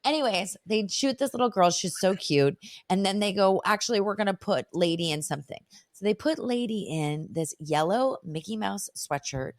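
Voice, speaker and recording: A woman in her thirties hosts a casual podcast chat. She tells her stories with energy, slipping into the voices of the people she quotes. Her talk is loose and full of "like," at an ordinary mid pitch. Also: normal speed, no room sound, clean studio sound. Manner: lively, acts out quoted voices, many "like" fillers. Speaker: podcast host. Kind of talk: animated storytelling in casual chat.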